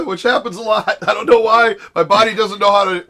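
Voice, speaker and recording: A channel host man who commentates casually and gets worked up easily. His voice is high and bright, often breaking into excited exclamations. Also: fairly quick, few pauses.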